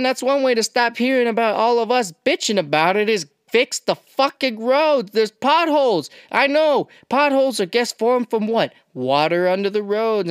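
A woman's voice: on the high side, smooth, dry recording. Blunt, profane woman ranting, dry sound. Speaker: podcast host. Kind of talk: ranting monologue.

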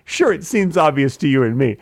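A man's voice: a little high, sing-song, fairly quick, no echo, studio quality. A man co-hosting a comedy podcast in casual chat, playful and laughing often, stretching words for emphasis. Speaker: podcast co-host.

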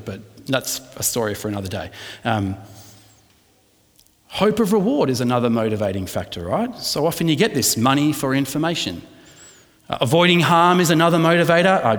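A man's voice: medium pitch, in a large hall. A man preaching a conversational sermon, often checking in with his listeners. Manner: conversational, asks the congregation "right?" often. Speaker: pastor.

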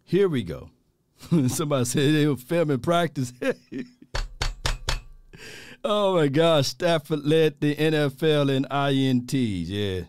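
A male sports talk host on a livestream, animated and exasperated, drawling informally, repeating phrases and laughing often as he reads viewer chats. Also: fairly high pitch, takes it slowly, pauses often, clear, resonant tone.

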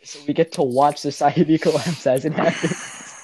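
A man's voice: a little high, steady tone, normal speed, warm tone, husky. A young man in casual chat as a podcast co-host, rambling and often quoting himself with a laugh.

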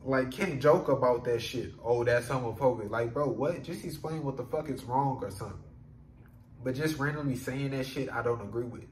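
A man's voice: medium pitch, normal speed. A man, talking alone on a podcast. His delivery rambles and swears, and he keeps saying "you know what I'm saying". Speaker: podcast host. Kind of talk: solo podcast monologue. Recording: echoey room with faint hum.

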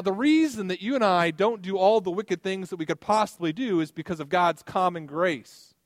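A man's voice: a little high, no room sound. A man delivering a sermon as pastor, in a conversational style with personal stories and light humor.

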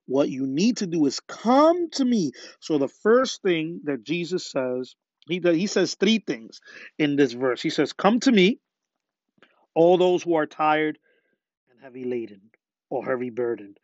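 Preaching a sermon on a podcast, a man with a slightly high, very animated voice speaks unhurriedly and with fervor, often throwing rhetorical questions at listeners. The sound is dull, lo-fi, and dry, with no echo.

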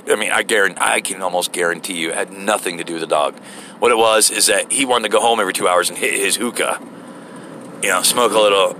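A man telling an animated, profane story in a casual rant, rambling with many restarts, from inside a car. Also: fairly low pitch, a little hiss or hum. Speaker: vlogger.

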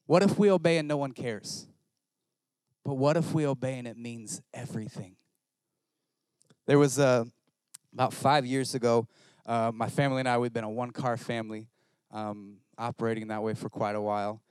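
A male pastor preaching a sermon, telling a story in an animated, self-mocking way. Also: medium pitch, normal speed, long pauses, smooth, dry recording.

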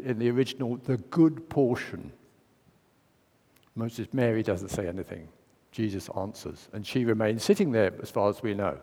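A preacher with a mid-range, darkish voice gives a conversational sermon in a church, asking questions and acting out the story. A long church reverb surrounds the recording.

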